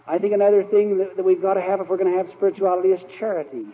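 In a tinny, echoey old hall, a man preaches by telling stories, his high-pitched voice steady in tone but very fast. His sermon meanders through anecdotes, frequently padded with fillers.

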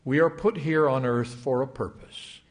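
An older man delivering a sermon to young adults, reading scripture in a measured, emphatic way. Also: medium pitch. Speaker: church speaker.

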